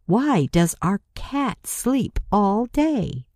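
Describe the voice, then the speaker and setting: A woman narrating a scripted grammar lesson as an English teacher, speaking deliberately and spelling out letters for learners. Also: mid-range voice, big pitch swings, darkish tone, dry recording, studio quality.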